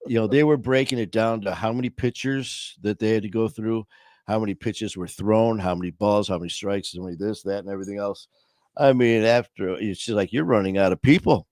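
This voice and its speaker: A man's voice: on the low side, fairly quick, a little mellow, no echo, studio quality. A man hosting a casual livestream chat. He rambles with lots of fillers and tells corny jokes. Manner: rambling, joking, many fillers. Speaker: livestream host.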